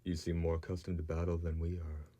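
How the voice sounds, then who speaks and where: A man's voice: deep voice, completely flat delivery, quick pace, warm tone, breathy edge. A man reading a hard, guarded wife. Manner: hard, clipped.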